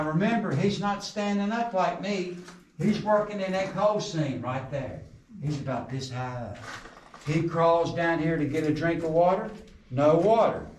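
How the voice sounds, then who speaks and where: A middle-aged man, leading a coal mine tour, who jokes with the group and tells folksy stories. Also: high voice. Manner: folksy joking storyteller, quizzes the group. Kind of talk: guided tour talk to a group. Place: underground mine tunnel. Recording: echoey underground, voice from a distance, some noise.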